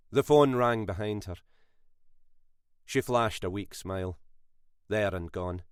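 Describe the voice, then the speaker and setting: A man narrating a thriller audiobook in a measured, expressive way. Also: lowish voice, clear, resonant tone, dry recording, clean studio sound.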